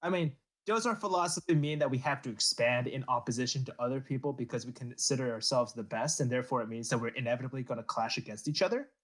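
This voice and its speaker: A man's voice: mid-range voice, fast, few pauses. A man hosting a casual history podcast, telling the story with jokes and laughing along. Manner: lively storytelling with comic character voices and laughs. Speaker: podcast host narrating history.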